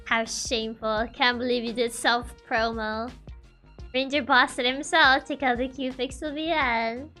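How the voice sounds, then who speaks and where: A woman's voice: a little high, fairly even intonation, measured pace, bright, forceful tone, soft background music. A woman chatting casually with her viewers on a livestream, giggling often between remarks. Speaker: virtual streamer.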